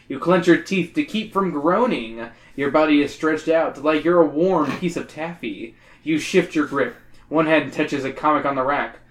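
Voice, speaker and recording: A woman's voice: sits low, normal speed. A woman hosting a podcast, reading a kids' horror book aloud and breaking off for jokes. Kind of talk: comedic read-aloud. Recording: echoey room.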